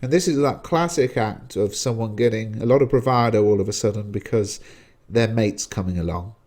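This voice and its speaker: Man, teacher, casual lesson, low voice, warm and mellow, chatty, fillers. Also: moderate pace. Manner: chatty and explanatory, with frequent fillers.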